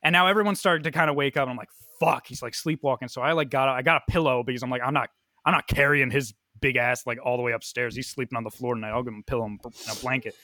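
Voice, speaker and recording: Bright-voiced young man telling stories. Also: medium pitch, very fast, no echo. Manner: animated, profane, filler-heavy storytelling. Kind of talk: casual storytelling chat.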